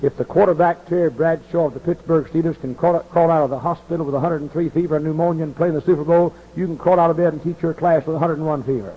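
A man in his forties, a pastor, preaching a sermon that moves from folksy storytelling to loud impassioned outbursts. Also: on the high side, fairly even intonation, fast talker, hardly any pauses, slightly rough. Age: 40s. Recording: dull old recording in a large reverberant hall.

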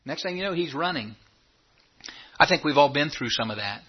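Husky-voiced man preaching a sermon. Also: fairly high pitch, moderate pace. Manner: animated storytelling, repeats and stumbles over words. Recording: dull lo-fi recording.

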